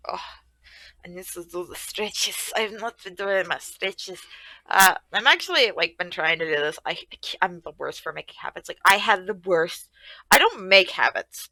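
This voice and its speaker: Gravelly, animated streamer woman. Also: fairly low pitch, moderate pace, background noise. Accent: Atlantic Canadian. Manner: chatty, swears freely, bursts into excited shouts. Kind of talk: casual gameplay chat. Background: loud game music.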